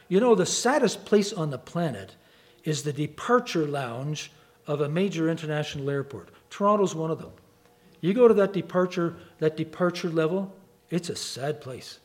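A man preaching a sermon, telling stories with lively delivery and acting out quoted voices. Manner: animated storytelling, acts out quoted voices with wide pitch swings.

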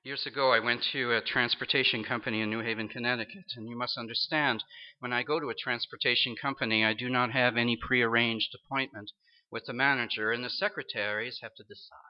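Man, preacher from the Toronto area, earnest storytelling sermon, mid pitch, lo-fi muffled sound. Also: fairly even intonation, brisk. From Toronto area, Canada. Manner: earnest, acts out quoted voices. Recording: dull lo-fi recording.

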